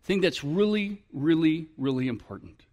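A male pastor preaching a sermon to his church, often building up to animated, emphatic appeals. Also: a little high, moderate pace.

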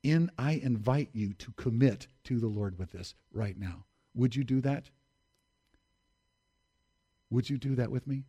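A pastor preaching a sermon, emphatic, repeating key phrases and appealing directly to the congregation. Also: male voice, mid-range voice, unhurried, pauses often, warm tone, slightly rough.

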